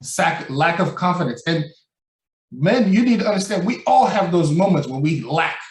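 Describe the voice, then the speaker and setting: A podcast co-host talks animatedly on a casual show, acting out the people he quotes and laughing loudly. His voice is on the high side at normal speed, and he sits a bit off mic in an echoey room, so the mic sounds distant.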